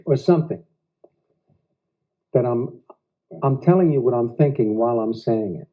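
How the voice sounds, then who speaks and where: An American actor being interviewed at home, speaking reflectively in halting phrases with odd pauses. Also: male voice, medium pitch. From United States. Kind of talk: casual interview talk. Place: living room of a private house. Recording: dull lo-fi 1990s home video.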